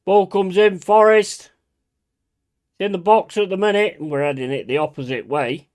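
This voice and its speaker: A man's voice: high-pitched, normal speed. A man streaming a football watch-along, swearing and ranting at the players and the referee. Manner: shouting in bursts of outrage. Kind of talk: live match watch-along commentary.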